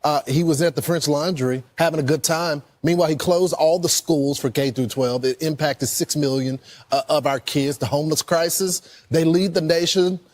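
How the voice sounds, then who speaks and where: A man's voice: on the high side, normal speed, darkish tone. Critical man listing grievances. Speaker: political commentator. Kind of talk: opinionated commentary.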